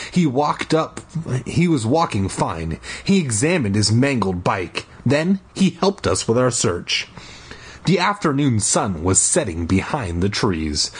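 A man reads a children's book aloud at an easy, casual pace. His husky, breathy voice moves lively up and down. He keeps stopping for irreverent, crude little jokes. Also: lowish voice. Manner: irreverent, profane, jokey commentary. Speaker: amateur audiobook reader. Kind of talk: casual read-aloud with joking asides.

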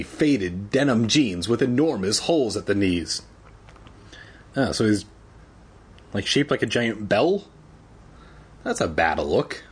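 Young cali guy reading a book for laughs, husky, lots of swoops in his voice. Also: mid-range voice. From San Diego. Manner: irreverent, jokey, rambling. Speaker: reader. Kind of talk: comedic book reading with asides.

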